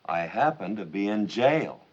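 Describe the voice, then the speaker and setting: A man's voice: lowish voice, very animated, unhurried, highs cut off, a little hiss or hum. An actor playing a stubborn, sarcastic male desert guide, talking bluntly on a 1950s film soundtrack. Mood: gruff.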